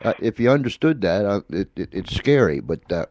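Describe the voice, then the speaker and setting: An older radio host talking with his guest, in a halting way, repeating himself as he gathers his thoughts. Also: lowish voice, very animated, a little mellow.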